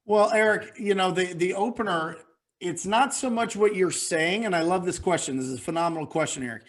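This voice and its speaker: High-voiced energetic male real estate coach. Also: fairly quick. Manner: energetic, motivational, repeats phrases for emphasis. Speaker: real estate wholesaling mentor, webinar guest. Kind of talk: webinar Q&A coaching.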